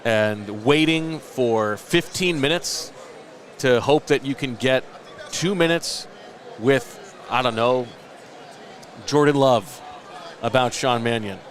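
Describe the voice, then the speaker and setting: A man's voice: medium pitch, slow, pauses often. Rambling late-thirties male podcast host. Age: late 30s. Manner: rambling, self-mocking storyteller. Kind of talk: casual chat.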